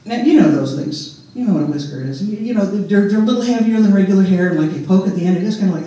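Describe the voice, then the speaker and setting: A man's voice: sits high, expressive, fast, few pauses, dark tone. A man telling a folk tale live to an audience, casual and chatty, with joking asides. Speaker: storyteller. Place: large hall with a live audience. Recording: echoey hall, voice from far off.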